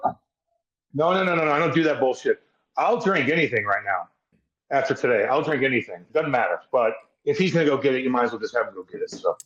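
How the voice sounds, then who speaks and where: A man's voice: mid-range voice, lively intonation, fast, a bit bright. Blunt, profane man in a roomy room. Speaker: podcast co-host. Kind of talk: casual podcast chat. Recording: roomy, dull lo-fi sound.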